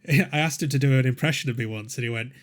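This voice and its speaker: A man with a Yorkshire accent co-hosts a podcast in loose, casual chat. He teases and jokes, laughing often, his voice at an ordinary middle pitch. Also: racing. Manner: playful, teasing, laughs a lot. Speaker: podcast co-host.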